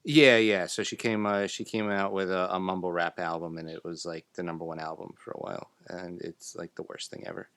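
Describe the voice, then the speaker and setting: A man's voice: low voice, flat delivery, a little fast, hardly any pauses, a bit bright, dry recording, studio quality. A man co-hosting a podcast, laid-back and teasing, reading listener emails. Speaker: podcast co-host. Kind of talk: casual chat.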